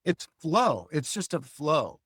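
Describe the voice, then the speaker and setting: An older man and guest cartoonist, talking in a reflective, philosophical way and telling animated stories in a relaxed interview. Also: fairly high pitch, slow, slightly rough, no room sound, clean studio sound. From Hull, Massachusetts.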